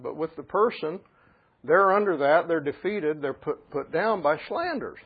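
A middle-aged man preaching with a somewhat high, husky voice. He drops to a hushed, conversational tone for stories, then builds to loud, emphatic declarations. The recording sounds thin and tinny, like a phone line. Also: animated, normal speed. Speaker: pastor. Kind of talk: sermon.

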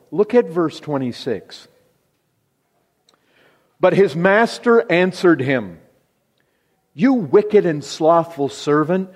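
Slow, emphatic preacher in a reverberant hall. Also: male voice. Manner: emphatic, slow and deliberate, drops low for stress. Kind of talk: sermon. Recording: long reverb of a large hall.

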